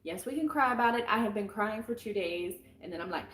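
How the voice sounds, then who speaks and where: A woman's voice: mid-range voice, animated, fairly quick, fairly bright tone, slight background noise. Chatty middle-aged woman reading tarot. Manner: chatty, frank and encouraging, rambling with fillers. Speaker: tarot reader. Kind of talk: casual weekly tarot reading. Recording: roomy with faint music behind.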